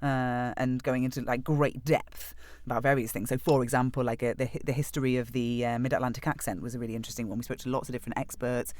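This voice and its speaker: A man guest telling how his podcast began, rambling quickly with many fillers and laughs. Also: medium pitch, little pitch movement, darkish tone. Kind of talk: casual storytelling in an interview.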